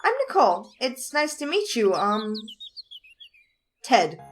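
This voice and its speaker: A woman's voice: a little high, very animated, slow pace, a little hiss or hum. A woman voicing a cheerful young heroine who playfully teases, read from a visual novel. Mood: friendly. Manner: bubbly, playful teasing. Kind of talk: reading a visual novel aloud.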